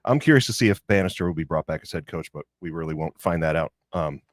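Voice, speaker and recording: A man's voice: very deep voice, expressive, fast talker, dry recording. A man co-hosting a podcast in casual chat, talking loosely and easily over a remote call. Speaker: podcast co-host. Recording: dry sound, choppy internet audio.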